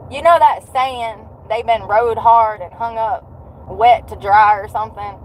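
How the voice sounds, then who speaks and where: A woman's voice: on the high side, a little slow, a little hiss or hum, rough recording. A woman around forty, venting in a blunt, sarcastic, profane vlog rant while out walking. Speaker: vlogger.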